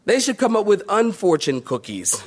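Male preacher, conversational Bible teaching, slightly high voice. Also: wildly swooping pitch, moderate pace. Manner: conversational, with playful asides and mock voices.

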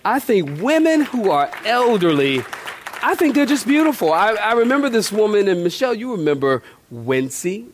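Folksy preaching man with a slightly high voice. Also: sing-song, normal speed, some chatter behind, a little hiss or hum. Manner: folksy, conversational preaching that addresses the congregation; repeats words and phrases for emphasis. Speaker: pastor. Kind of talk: sermon.

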